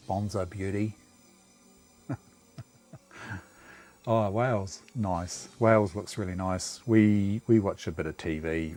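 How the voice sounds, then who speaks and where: Man, New Zealand accent, low-pitched, relaxed rambling livestream chat, faint music behind. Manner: easygoing, rambling, chatty. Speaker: livestream host.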